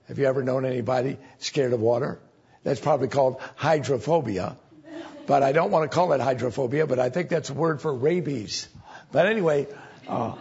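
A man preaching a sermon in a gravelly, husky voice that sits a little high. His delivery is folksy and conversational and often leaps up for emphasis. The recording sounds muffled and lo-fi, like an old church tape. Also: darkish tone.

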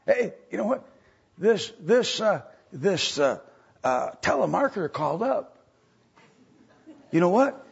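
A man voicing an excited church lady who stammers as she hurries to share news, on a dull lo-fi recording. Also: sits high, slow, gravelly, pauses often, slight background noise, pitched above the performer's own voice, heavily acted. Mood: eager. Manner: eager, stammering gossip.

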